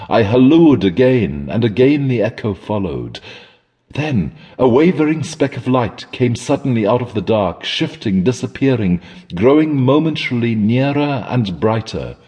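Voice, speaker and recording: A man narrating a classic horror story in a measured, dramatic storytelling manner. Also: medium pitch, very animated, mellow, husky, big-room sound. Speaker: audiobook narrator.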